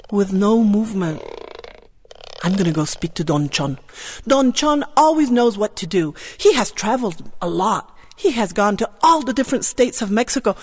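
A woman telling a first-person tale with strong expression, moving from hushed to loud with drawn-out repetitions. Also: medium pitch. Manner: drawn-out repetitions and soft exclamations. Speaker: storyteller. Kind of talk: dramatic first-person storytelling.

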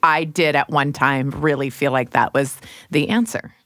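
A woman's voice: a bass voice, fairly even intonation, normal speed, a bit bright, no room sound, studio quality. A middle-aged woman hosting a podcast, chatting casually and laughing at herself. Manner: chatty, self-deprecating, laughs easily. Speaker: podcast host. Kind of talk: casual chat.

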